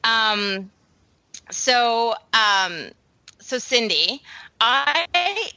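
Bright, chatty Canadian-born podcast host. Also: female voice, on the high side, big pitch swings, drawn-out words, no room sound, highs cut off. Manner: rambling, lots of "um" and "like", enthusiastic. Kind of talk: casual podcast chat.

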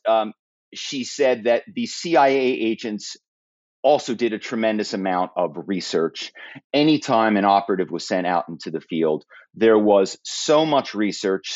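A man, a former corporate spy, telling stories as a podcast guest in a lively conversational way. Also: fairly low pitch, measured pace, no room sound, dull audio. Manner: animated, slips into put-on accents and quoted voices. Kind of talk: conversational interview storytelling.

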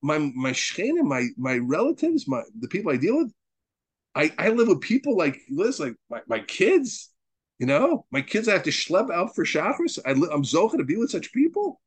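Rabbi teaching a study class; animated, swooping pitch, slightly high voice, emphatic and repetitive, dry close sound. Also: male voice, moderate pace, slightly rough, no room sound. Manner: animated, emphatic, repeats words as he builds a point; mixes Hebrew and Yiddish terms into his teaching. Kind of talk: Torah lesson to a study group.

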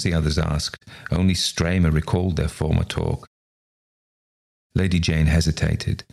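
Deep gravelly guy reading a ghost story, slow and steady. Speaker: story reader.

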